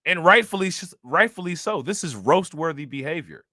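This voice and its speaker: A man's voice: a little high, animated, normal speed, pushed and bright, no room sound, studio quality. A man giving casual, slangy reaction commentary on news clips, mocking and talking straight to his viewers.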